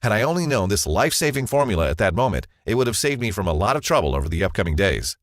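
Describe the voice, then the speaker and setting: A man's voice: on the low side, sing-song, quick pace, no room sound, clean studio sound. A man narrating a scripted first-person advertisement as a confessional story.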